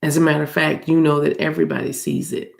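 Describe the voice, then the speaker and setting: Low, gravelly-voiced American woman reader. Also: fast. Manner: chatty and rambling, addresses viewers as y'all, laughs often. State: allergy-roughened voice. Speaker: spiritual card reader. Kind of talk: casual tarot reading chat.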